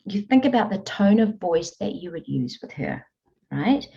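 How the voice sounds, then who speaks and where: A woman coach telling stories in an interview, earnest and animated. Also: mid-range voice, normal speed, creaky, slight background noise. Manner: earnest, animated storytelling with frequent laughs. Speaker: guest, emotional eating coach. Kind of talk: conversational interview. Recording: dull lo-fi audio.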